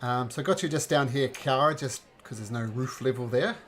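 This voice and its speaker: A man narrating a tabletop game as game master, halting with fillers and restarts. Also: medium pitch, a bit bright, a little hiss or hum.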